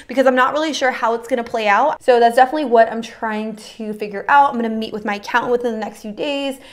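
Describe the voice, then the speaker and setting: Young female beauty vlogger, slightly high voice, casual chatty delivery while doing makeup. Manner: chatty and informal, with lots of "like" and "you know" fillers and slang.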